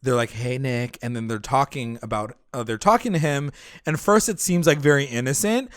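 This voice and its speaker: A man's voice: medium pitch, normal speed, no echo, studio quality. A young man co-hosting a casual recap podcast, rambling with lots of fillers and casual swearing. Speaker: podcast co-host. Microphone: podcast mic.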